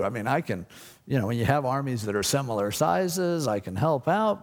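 A pastor preaching a casual, conversational sermon, explaining scripture and acting out the people in the story. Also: male voice, mid-range voice, very animated, moderate pace, vocal fry, in a large hall.

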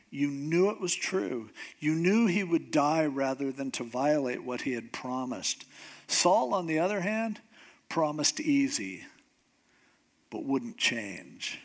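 A man preaching a sermon in an earnest, conversational way, sometimes acting out quotes. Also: fairly high pitch. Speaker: pastor.

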